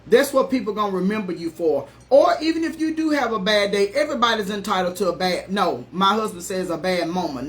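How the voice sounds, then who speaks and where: A middle-aged woman life coach giving an earnest, emphatic, folksy motivational talk on a live stream. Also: mid-range voice.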